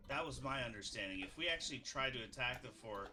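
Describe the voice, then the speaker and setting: A man chatting during a streamed tabletop game, with a bright, forward voice. He talks emphatically and rambles, circling back over his own points. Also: medium pitch, expressive, fast, slight background noise. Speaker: player.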